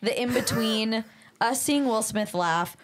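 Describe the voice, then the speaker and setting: A woman co-hosting a casual podcast chat, expressive and often searching for words. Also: on the high side, unhurried. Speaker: podcast co-host. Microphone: studio microphone.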